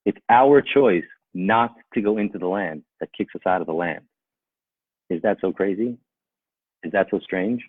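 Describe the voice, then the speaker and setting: Arguing against objections he imagines, a rabbi drives his animated Torah talk toward emphatic high points. His voice is husky and on the low side, heard through a dry, tinny, phone-like recording.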